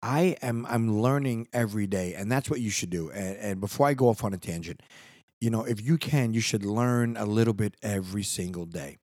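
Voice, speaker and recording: Rambling earnest man, husky low voice. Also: fairly quick, a little mellow, no room sound, clean studio sound. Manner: rambling, earnest, restarts often. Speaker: podcast host. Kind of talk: casual solo podcast monologue. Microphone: studio microphone.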